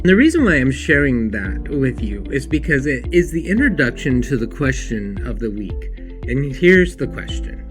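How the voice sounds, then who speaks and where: A man hosting a podcast, telling a story in an earnest, animated way before teaching a lesson. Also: medium pitch, normal speed, soft background music. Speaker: podcast host and counselor. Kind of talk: storytelling then teaching monologue.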